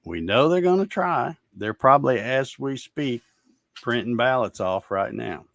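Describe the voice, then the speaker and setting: A man's voice: medium pitch, expressive, unhurried, creaky, fairly bright tone, no echo, studio quality. A man hosting a casual livestream, ranting in a fed-up, sarcastic way and laughing at viewer comments. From Georgia, USA. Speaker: show host reading viewer comments.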